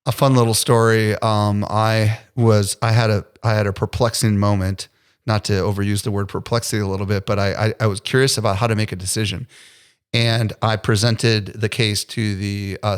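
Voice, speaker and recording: A man's voice: fairly low pitch, flat delivery, moderate pace, clean tone. A man hosting a podcast, talking in an encouraging, conversational way. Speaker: podcast host. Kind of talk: casual interview conversation.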